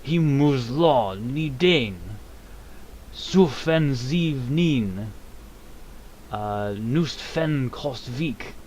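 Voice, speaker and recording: A man voicing an egotistical male dragon who chants slowly in dragon tongue, in a voice that is not gravelly. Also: lively intonation, darkish tone, slight background noise. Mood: menacing. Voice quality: not gravelly, higher than his own voice. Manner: slow drawn-out incantation in dragon tongue.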